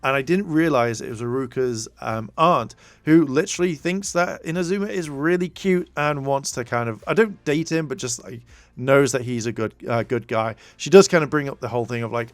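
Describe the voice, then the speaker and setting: A man reviews a TV show, recapping an episode at a moderate pace in a mid-range voice with no room sound. His casual, rambling delivery is full of fillers and restarts, and he acts out the quotes.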